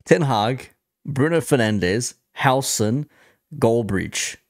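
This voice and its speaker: A man's voice: mid-range voice, animated, dry recording, clean studio sound. A man hosting a reaction channel, talking casually and with amusement about football fan clips. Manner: conversational, amused, quick asides.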